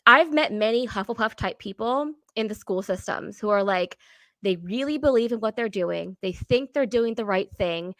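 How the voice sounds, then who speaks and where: A woman's voice: medium pitch, animated, moderate pace, a bit bright, dry recording. A woman co-hosting a casual chat, rambling with many fillers and acting out quotes. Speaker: co-host.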